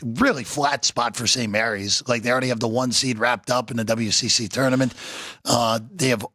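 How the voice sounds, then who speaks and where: A man's voice: mid-range voice, steady tone, brisk, bright, forceful tone, no echo. A man co-hosting a sports talk show, giving betting takes in a dry, understated way, often restarting his sentences. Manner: dry, understated, repeats words when starting sentences. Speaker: sports betting analyst co-host.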